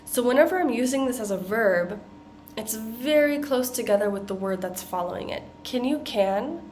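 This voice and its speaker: A woman with an American accent teaching pronunciation, modeling tongue twisters slowly and deliberately. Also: a little high, expressive, a little mellow, a little hiss or hum. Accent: General American. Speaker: accent coach. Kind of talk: pronunciation lesson.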